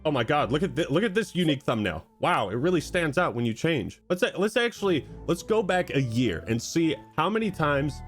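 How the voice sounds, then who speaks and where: A man rants in commentary, sarcastic and indignant. His pitch swings widely as he mocks, and faint music plays underneath. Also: big pitch swings, a little fast, few pauses. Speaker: video commentator. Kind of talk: ranting commentary clip.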